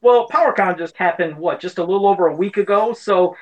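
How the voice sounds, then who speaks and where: A man's voice: high-pitched, fairly quick, lo-fi sound. Friendly man hosting a podcast. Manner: friendly, jokey introductions. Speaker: podcast host.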